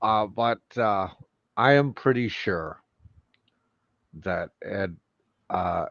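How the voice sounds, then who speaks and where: A man speaking slowly and hesitantly in a casual chat, with many fillers. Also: fairly low pitch, expressive, fairly bright tone, no echo. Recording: dull lo-fi stream audio.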